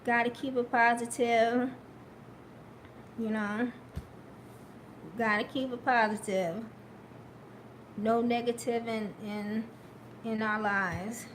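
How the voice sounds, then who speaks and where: A woman chatting casually on a live stream, slow and hesitant with many fillers, upbeat and encouraging. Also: on the high side, steady tone, slight background noise.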